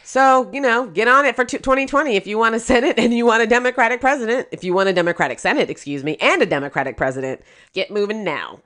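A woman co-hosting a podcast, talking politics in a casual, indignant way with quick laughing asides. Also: a little high, lively intonation, a bit bright. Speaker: podcast co-host.

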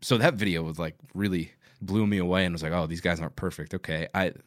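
A man as a podcast guest in casual chat, relaxed and rambling, with many fillers. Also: low-pitched, fast, dry recording, clean studio sound.

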